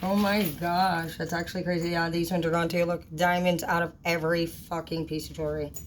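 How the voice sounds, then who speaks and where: A woman with a low voice vents in a casual vlog rant. She is blunt, indignant and full of swearing. She sounds upset and fed up, and steady clicking noises run behind her. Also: fairly quick, a little hiss or hum, low-quality recording. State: upset and annoyed.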